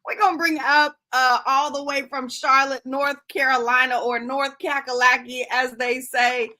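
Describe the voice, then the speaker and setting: A woman's voice: high-pitched, level tone, moderate pace, pushed and bright. A woman hosting a live radio talk show, playful and joking, laughing often. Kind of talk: lively casual live-stream chat.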